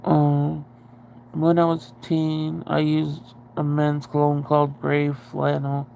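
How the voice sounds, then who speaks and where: A woman's voice: low voice, completely flat delivery, slow, gravelly, dark tone, a little hiss or hum. A woman hosting a casual livestream, rambling and chatty as she answers viewer comments and swears freely. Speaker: livestream host.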